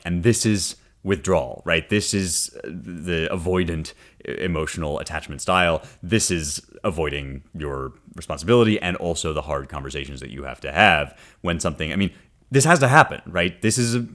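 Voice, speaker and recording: Deep-voiced man explaining a classic poem. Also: fairly quick. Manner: conversational, often checks in with "right?"; wry and animated, reads passages aloud then unpacks them. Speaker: podcast host. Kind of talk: casual teaching talk on a classic poem.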